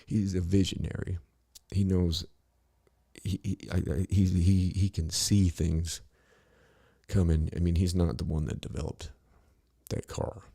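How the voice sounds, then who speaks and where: A man's voice: low-pitched, flat delivery, unhurried, vocal fry, dark tone, breathy edge. A middle-aged man talking bluntly and casually on a podcast, rambling and profane, with lots of "you know" between his thoughts.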